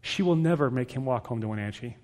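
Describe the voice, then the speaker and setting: A middle-aged man preaching a sermon to parents, direct and emphatic, with lively storytelling. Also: medium pitch, fast talker, in a large hall. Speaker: pastor.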